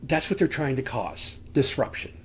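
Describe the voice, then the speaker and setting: A man's voice: mid-range voice, very animated, moderate pace, a little hiss or hum. A man giving an earnest, conversational Bible teaching from a room at home, asking rhetorical questions into a desk microphone. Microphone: desk microphone on camera.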